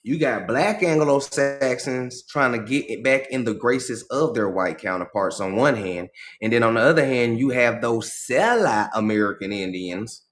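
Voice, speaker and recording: A man's voice: mid-range voice, animated, normal speed, fairly bright tone. A man hosting a livestream, reading a passage aloud and breaking off to comment in casual slang. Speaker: livestream host.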